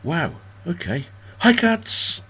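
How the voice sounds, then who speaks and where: A man's voice: a little high, very animated, takes it slowly, a bit bright, slightly rough. A man in his sixties hosting a livestream party from home, chatting in a rambling, self-deprecating way as he reads out viewers' comments. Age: 60s. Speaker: host of a livestream birthday party. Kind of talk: casual chat.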